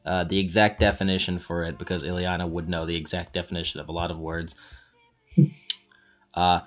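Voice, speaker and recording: A man narrating a tabletop game as game master, halting and searching for words, on a dull lo-fi recording. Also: sits low, little pitch movement, a bit bright.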